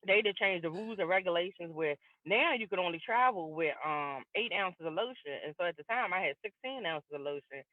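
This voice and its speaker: A woman's voice: on the low side, no echo. A middle-aged woman comedian doing a stand-up set over a video call, telling stories and acting out both sides of each conversation. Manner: lively storyteller acting out both sides of dialogues. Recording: tinny dry video-call audio.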